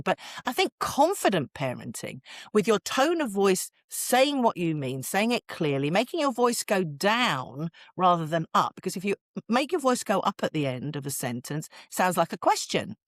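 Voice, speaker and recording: This is a British woman in middle age, speaking as a guest parenting expert. Her voice sits on the low side but moves up and down a great deal as she tells stories, and she laughs easily. The sound is dry and close. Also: no echo. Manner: animated, expressive storyteller who laughs often. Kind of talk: podcast interview.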